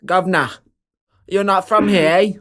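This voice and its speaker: A man's voice: high voice, fairly even intonation, moderate pace, a bit bright, pitched above the performer's own voice. A man doing a cheeky British baby kangaroo. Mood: cocky. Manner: mock-British, slangy.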